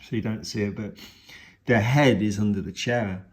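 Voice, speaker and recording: A man's voice: lowish voice, moderate pace. A man and father giving a casual, rambling film review, retelling the plot with many restarts and fillers.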